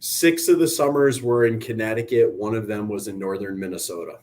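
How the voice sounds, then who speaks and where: A man's voice: on the low side, brisk. A middle-aged man, a financial advisor, joking easily in a casual interview. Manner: joking, easygoing, deadpan humor.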